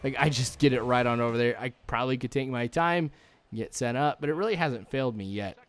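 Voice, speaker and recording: A man's voice: medium pitch, a little fast, faint music behind. Chatty young man commentating a baseball game. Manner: rambling and chatty, full of likes and ums. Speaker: gaming channel host. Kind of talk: let's play commentary.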